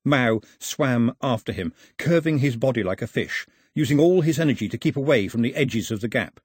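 A man narrating an audiobook in an expressive storytelling manner. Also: medium pitch, normal speed, breathy edge, dry recording, studio quality.

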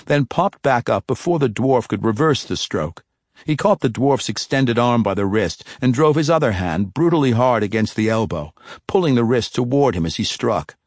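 A man narrating a fantasy audiobook in a measured, steady storytelling manner on a close mic. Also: fairly low pitch, no echo.

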